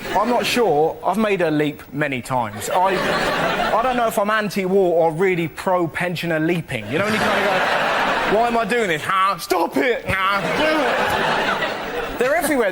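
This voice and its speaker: Young comic, high-ish voice, fast excitable stand-up delivery, heavy noise. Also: male voice. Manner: quick, excitable storytelling with shouted punchlines. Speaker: comedian panellist. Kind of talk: stand-up comedy routine. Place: TV studio with live audience. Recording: loud noise and audience laughter.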